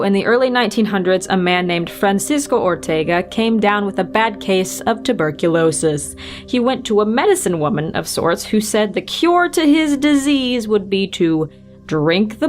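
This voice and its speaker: A woman's voice: mid-range voice, animated, unhurried, soft background music. A woman host narrating folklore with dry, sarcastic asides in a casual storytelling style.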